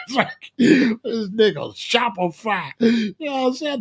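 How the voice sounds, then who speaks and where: A man with a notably high speaking voice rants comically as the host of his own show. He talks in loud, slangy street talk, mocking and swearing freely as he lectures. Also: big pitch swings, measured pace, gravelly, slightly rough. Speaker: commentary host. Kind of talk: comedic rant.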